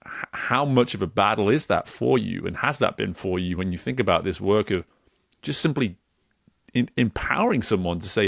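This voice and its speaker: A man's voice: lowish voice, animated, moderate pace, gravelly, a bit bright, no room sound, clean studio sound. A man hosting a coaching podcast, asking thoughtful, searching questions in a conversational way. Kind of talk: conversational interview.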